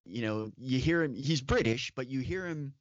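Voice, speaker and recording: A man's voice: mid-range voice, lively intonation, normal speed, no echo. Opinionated man co-hosting a podcast. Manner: opinionated, emphatic asides. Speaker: podcast co-host. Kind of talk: casual chat. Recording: dull, dry lo-fi audio.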